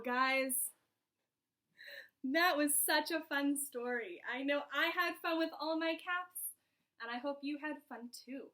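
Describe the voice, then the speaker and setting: A woman teacher doing an animated read-aloud for children, asking them questions as she goes, recorded over a video call. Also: sits high. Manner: animated, asks listeners questions.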